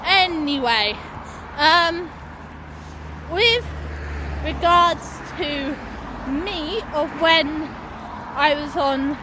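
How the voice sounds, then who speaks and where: A woman's voice: high-pitched, expressive, extremely slow, pauses often. A young woman talking casually into her phone while walking down a street, chatty and swearing freely. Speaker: vlogger. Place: outdoors on a busy street by a bus stop. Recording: loud street traffic noise outdoors. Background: passing traffic and buses.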